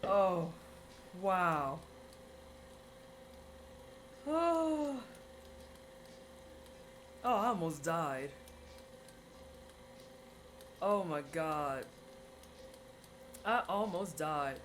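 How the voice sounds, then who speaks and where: A woman's voice: lowish voice, expressive, very slow, long pauses, slight background noise. A woman livestreaming while she bakes, chatting casually with her viewers, laughing and exclaiming often. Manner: giggly, exclaiming, teasing chat. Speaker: streamer.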